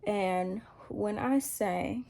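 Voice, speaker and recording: A woman's voice: mid-range voice, extremely slow, gravelly, mellow. A woman telling a personal faith testimony in a casual, rambling way, repeating herself and poking fun at herself. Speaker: vlogger sharing a faith testimony.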